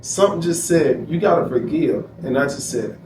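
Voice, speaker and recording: A man's voice: on the high side, lively intonation, moderate pace, a little mellow. A man as an interview guest, telling a personal story emphatically and quoting himself. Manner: emphatic, repeats phrases, quotes himself. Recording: echoey room, distant mic, noisy.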